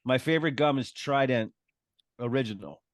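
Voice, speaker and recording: A man's voice: mid-range voice, normal speed, no echo, studio quality. A man, a guest comedian, talking through joke ideas in a casual chat, storytelling and acting out little voices. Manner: storytelling, acts out voices for jokes.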